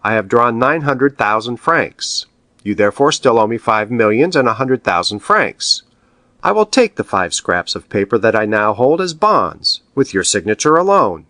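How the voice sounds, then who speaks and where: A man voicing a cool, ironic wealthy male count who speaks politely and measuredly, gently mocking. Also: medium pitch, dry recording.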